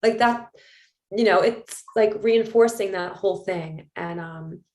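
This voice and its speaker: A woman's voice: medium pitch, a little slow, darkish tone. A woman hosting a podcast, telling a story in a chatty, casual way full of fillers. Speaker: podcast host. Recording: roomy echo.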